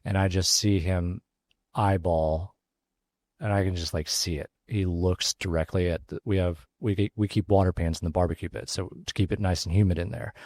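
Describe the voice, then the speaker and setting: Deep-voiced man telling a story. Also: fairly even intonation, darkish tone, no room sound. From Texas. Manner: casual, halting, many fillers and restarts. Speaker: pitmaster and restaurant owner, guest. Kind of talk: storytelling in a podcast interview.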